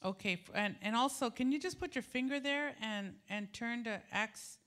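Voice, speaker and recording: Bright-voiced woman preaching a chatty sermon. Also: a little high, normal speed. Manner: chatty, animated storytelling with laughter. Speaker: pastor. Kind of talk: casual sermon with personal story. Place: church sanctuary.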